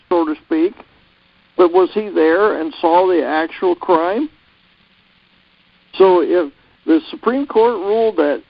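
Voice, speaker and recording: A man's voice: fairly high pitch, vocal fry. A man lecturing on legal points during a casual talk-radio chat, heard over dull lo-fi audio.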